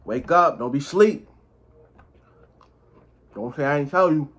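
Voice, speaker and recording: A man's voice: fairly high pitch, animated, takes it slowly, long pauses, lo-fi sound. A young man talking casually to camera as he eats a meal, with loose slangy banter and food in his mouth at times. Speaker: mukbang vlogger. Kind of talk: casual talk to camera while eating.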